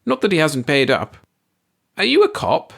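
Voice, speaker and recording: A man's voice: fairly high pitch, wildly swooping pitch, moderate pace, vocal fry, a bit bright, voice pushed up, exaggerated voice. A man voicing a middle-aged landlady who chats in a gossipy, fretful way. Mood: reminiscing.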